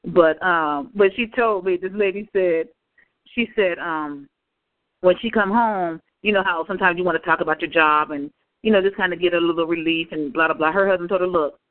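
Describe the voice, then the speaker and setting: A woman co-hosting a casual chat, telling animated workplace stories and acting out what people said. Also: lowish voice, moderate pace, dry recording. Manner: animated storyteller, acts out quotes. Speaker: podcast co-host. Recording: tinny phone-line audio.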